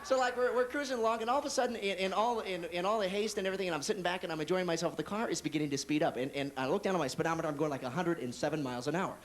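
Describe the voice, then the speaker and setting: A male comedian doing stand-up in a comedy club, telling a story fast with restarts. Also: high voice, slight background noise. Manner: rapid, animated storytelling with restarts.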